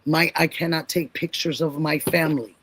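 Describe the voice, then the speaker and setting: A woman voicing her elderly grandmother, who has a thick Slavic accent and speaks in halting, broken phrases. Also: low voice, fairly even intonation, fairly bright tone, slight background noise. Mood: wistful.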